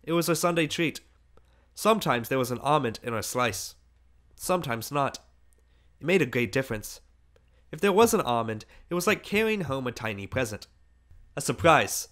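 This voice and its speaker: A man's voice: mid-range voice, animated, normal speed, pauses often, fairly bright tone. A man narrating a literary short story as an audiobook, reading expressively with emphatic rises.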